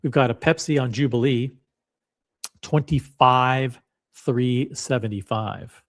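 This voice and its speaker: A man with a medium-pitched voice takes things slowly as he hosts his watch channel. Browsing on screen in casual screen-share commentary, he reads out listings in a wry, musing way.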